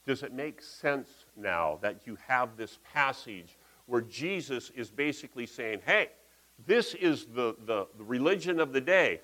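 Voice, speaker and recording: A man's voice: medium pitch, animated, measured pace, sharp tone, low-quality recording. A man giving a conversational, folksy sermon in a church, talking through slides with asides. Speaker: pastor.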